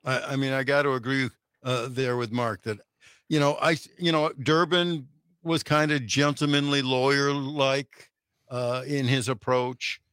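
A man co-hosting a radio talk show on a dry studio mic, at a middle pitch. He speaks plainly and often starts a phrase over. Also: little pitch movement, unhurried, a bit bright, smooth, no echo. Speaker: radio co-host.

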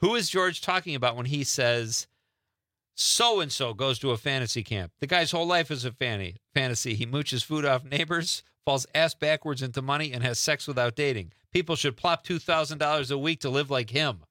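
A man's voice: mid-range voice, lively intonation, moderate pace, pushed and bright, no room sound, studio quality. A man hosting a radio quiz segment, upbeat and teasing, laughing often. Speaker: radio show host.

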